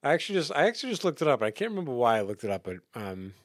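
A man in a relaxed music conversation, his talk wandering and halting, full of filler words and false starts. The sound is dry and close, with no room around it, and his pitch sits in a middle range. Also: no echo. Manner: rambling, halting, many fillers. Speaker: podcast co-host. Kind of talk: casual chat about music.

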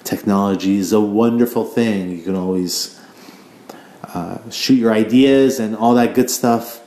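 A man's voice: lowish voice, measured pace, dark tone. A man hosting a casual solo podcast, ranting in a rambling, profane way and stumbling over repeated words. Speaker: podcast host. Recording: echoey room.

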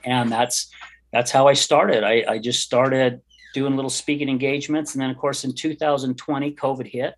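A man's voice: medium pitch, level tone, normal speed, a little hiss or hum. A middle-aged man telling his personal story as a podcast guest, earnest, heartfelt and candid. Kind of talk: personal testimony in an interview.

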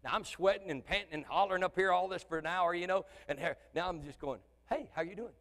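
A male pastor delivers a sermon, his voice pitched high for a man. He swings from loud, animated preaching down to quiet, chatty asides. The sound carries a long reverb, as from a church hall. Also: fast. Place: church sanctuary.

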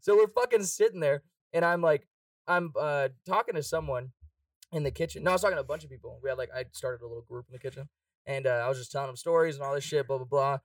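A young man telling a party story in casual chat, profane and quick, laughing often and acting out quotes. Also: mid-range voice, dry recording, far from the mic.

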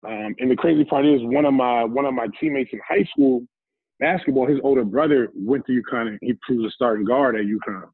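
A man's voice: mid-range voice, expressive, brisk, gravelly, breathy edge, dry recording. A man, a former football player, telling his story as an interview guest in an easygoing, rambling way. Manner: easygoing, rambling, recounts scenes with quoted dialogue. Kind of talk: casual storytelling. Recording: tinny, phone-like dry line.

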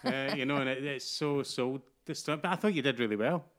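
A man with a Glaswegian Scottish accent, an actor guest talking in casual podcast chat, animated and sweary, often restarting his phrases. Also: medium pitch, brisk.

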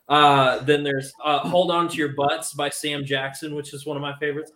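A man's voice: mid-range voice, flat delivery, normal speed, few pauses, pushed and bright, echoey room. A young man co-hosting a casual podcast, talking eagerly and rambling with lots of fillers. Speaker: podcast co-host. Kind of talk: casual chat.

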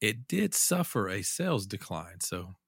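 Man, lively up-and-down voice, casual gaming podcast host, dry close sound. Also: lowish voice, measured pace, vocal fry, husky, no room sound. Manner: lively, chatty, reads headlines with asides. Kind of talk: casual chat, reading gaming news.

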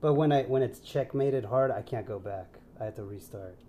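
A man's voice: mid-range voice, moderate pace, dark tone, slight background noise. A young man co-hosting a casual podcast, laid-back, swearing a lot and calling his friend dude. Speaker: podcast co-host.

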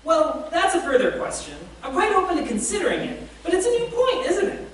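A woman's voice: very high-pitched, big pitch swings, brisk, slight background noise, pitched above the performer's own voice. A woman voicing a fussy, cowardly male ghost who pleads and makes excuses, read aloud in a sermon. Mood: fretful. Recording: echoey room, distant mic.

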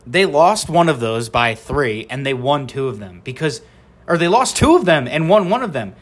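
A man's voice: a little high, sing-song, moderate pace. Young male podcast host, nasal, blunt and profane, ranting about sports.

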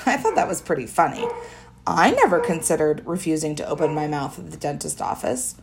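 A woman narrates a children's book in the first person with lively, expressive storytelling. Her pitch rises and falls a great deal. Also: a little fast, vocal fry, a little hiss or hum. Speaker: audiobook narrator.

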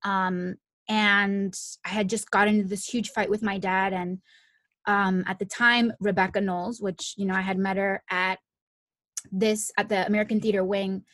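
A woman's voice: mid-range voice, normal speed, no echo, studio quality. A young woman from Miami, an actress, tells an emotional personal story in a chatty way full of "like" and restarts. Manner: animated when retelling, rising excitement. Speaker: guest, actress.

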